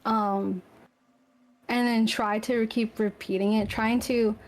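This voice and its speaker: A chatty woman with a slightly high voice, narrating her character's actions in a casual tabletop game. She rambles through "like" and "um" as she talks and laughs easily. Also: level tone, slow. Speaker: player. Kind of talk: casual tabletop role-play.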